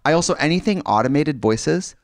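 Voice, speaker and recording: Animated man in casual comedic chat. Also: a little high, fairly quick, vocal fry. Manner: animated, mimics automated announcements. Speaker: podcast co-host.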